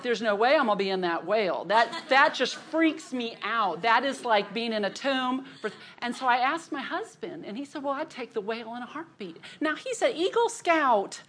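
A middle-aged woman leading a women's church group, telling a story with frequent laughter and then praying. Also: medium pitch. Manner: chatty, laughing often, animated storytelling. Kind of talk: casual group announcements and prayer.

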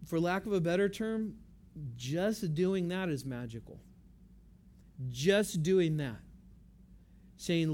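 A man's voice: high voice, expressive, measured pace, a little mellow. A man preaching a sermon, talking to the congregation in an easygoing way and repeating key phrases for emphasis. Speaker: pastor.

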